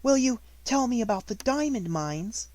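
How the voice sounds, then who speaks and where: A man's voice: expressive, moderate pace, a little mellow, dry recording. A man voicing a small spoiled girl who sobs and wails. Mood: whimpering. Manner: sobbing, high-pitched wailing. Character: small wailing little girl, spoiled crybaby.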